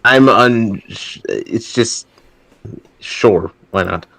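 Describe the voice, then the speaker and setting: A man's voice: mid-range voice, very slow, gravelly, bright, forceful tone, slight background noise, poor audio. A man hosting a podcast, talking casually and hesitantly with plenty of fillers. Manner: laid-back, hesitant, many fillers. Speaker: podcast host. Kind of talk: casual chat.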